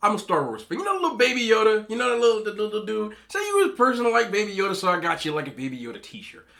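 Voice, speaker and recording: A mukbang host eats and rants casually, full of opinions and talking with his mouth full. His high, gravelly voice is bright and forceful, very fast, with huge pitch swings.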